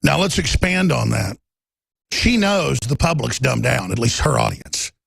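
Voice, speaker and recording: Gravelly, ranting male talk show host. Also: mid-range voice, sing-song, measured pace, no room sound. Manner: ranting, emphatic, shouts at times. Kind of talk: heated political monologue.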